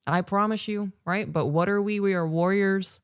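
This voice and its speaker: A woman's voice: medium pitch, fairly even intonation, moderate pace, smooth, no echo, clean studio sound. A woman in her thirties co-hosting a parenting podcast, talking emphatically and straight to the listener. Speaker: podcast co-host. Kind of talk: casual parenting podcast talk. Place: recorded live for online patrons.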